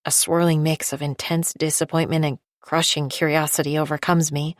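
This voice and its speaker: Low-voiced woman narrating an audiobook. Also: little pitch movement, normal speed, no echo, clean studio sound. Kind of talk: scripted first-person narration.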